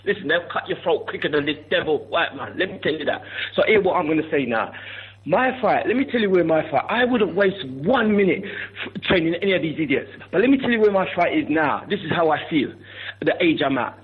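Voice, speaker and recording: Ranting caller on a phone line. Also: male voice, fairly high pitch, animated, fairly quick, slightly rough. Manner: forceful, repeats "bruv", ranting. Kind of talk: heated phone-in rant.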